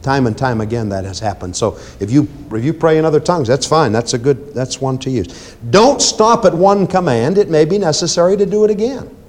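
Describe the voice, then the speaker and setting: Guy preaching a sermon, kinda high voice, goes loud then quiet, repeats stuff to drive it home. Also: expressive, brisk. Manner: emphatic, swinging between loud commands and quiet asides; repeats phrases for emphasis, addresses the congregation directly. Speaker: preacher teaching deliverance ministry.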